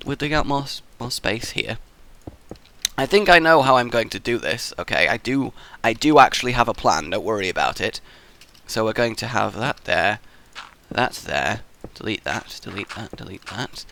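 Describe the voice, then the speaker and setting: A young gaming channel host rambles through casual let's play commentary while building in a game, swearing and poking fun at himself. His voice is medium in pitch and a bit bright, with no echo.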